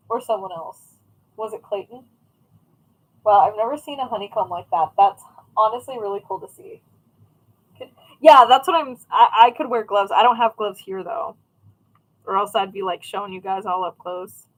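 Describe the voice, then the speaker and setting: This young crafting livestreamer speaks at a medium pitch and normal speed, with a fairly bright tone and frequent pauses, in a rough recording. She rambles in a chatty way, reading her live viewers' chat and answering their questions casually.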